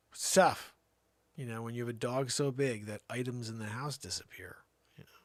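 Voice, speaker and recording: A man's voice: mid-range voice, steady tone, moderate pace, dry recording. A middle-aged man hosting a comedy show, spinning a rambling tall-tale monologue with theatrical jumps in voice.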